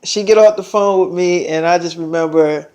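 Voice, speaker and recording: A man's voice: high-pitched, steady tone, moderate pace, a little mellow. A young man casually rambling through a storytime monologue, retelling conversations loosely. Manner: rambling, loose retelling full of "I'm like" and "she like".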